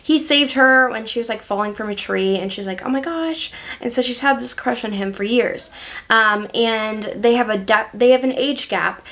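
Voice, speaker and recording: A woman's voice: on the high side, moderate pace, fairly bright tone. A woman chatting casually about books she loves, gushing and using many fillers. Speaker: book reviewer. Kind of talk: casual book review chat.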